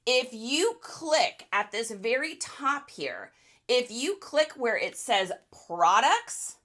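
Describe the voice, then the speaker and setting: A woman hosts a casual livestream and answers viewer questions. Her voice is bright and crisp, sitting a bit high. She talks quickly and laughs often. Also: sing-song. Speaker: reseller livestream host.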